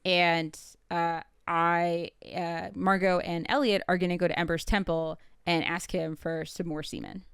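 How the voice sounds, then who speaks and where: A woman with a lower-pitched voice chats casually on a podcast about a show. She rambles, hedges and fills her speech with "like." The sound is dry and close to the mic. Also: flat delivery, a little slow, hardly any pauses, fairly bright tone, clean tone, dry recording. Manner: rambling, hedging, many filler "like"s. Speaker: podcast co-host. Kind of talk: casual chat recapping a show.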